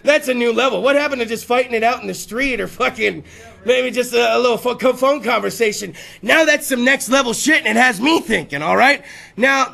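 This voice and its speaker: A man's voice: very high voice, creaky, bright, forceful tone. A man hosting a talk show, riffing through rowdy, profane comedic bits and putting on voices for the stories. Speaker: podcast host.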